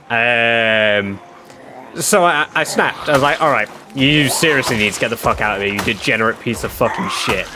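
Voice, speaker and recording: A man chatting on a game stream, telling a story in an animated, swearing manner. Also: mid-range voice. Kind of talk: casual livestream chat. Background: game music.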